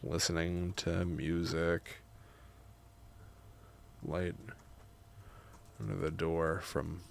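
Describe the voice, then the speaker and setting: Low, gravelly man writing out loud. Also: slight background noise. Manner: slow, halting and musing; lively and chatty with his viewers. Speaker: streamer writing a horror story. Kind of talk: dictating a story while writing.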